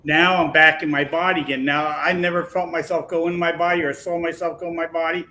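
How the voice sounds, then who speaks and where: Animated storytelling man, bright voice. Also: on the high side, brisk, slight background noise, low-quality recording. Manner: animated, acts out quoted voices. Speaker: podcast guest. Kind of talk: casual storytelling.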